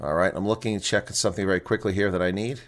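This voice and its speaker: A man's voice: sits low, fairly even intonation, very fast. A man hosting live rugby reaction commentary, reading out team lineups and chatting bluntly with viewers. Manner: chatty, blunt, exclaims often.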